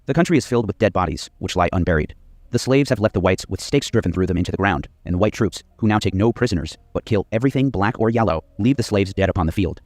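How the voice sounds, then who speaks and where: A man narrates a history documentary from a script, reading quoted accounts in a steady, measured way. His voice sits low and moves quickly. The recording is dry and close. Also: dry recording.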